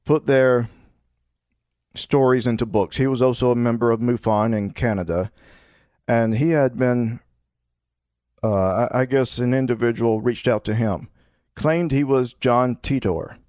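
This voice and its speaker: A man's voice: mid-range voice, fairly even intonation, measured pace, long pauses, a little mellow, no echo, studio quality. A man hosting a podcast, talking in a casual, blunt, conversational way. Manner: conversational, blunt, laughs easily. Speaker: podcast host. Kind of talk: casual interview chat.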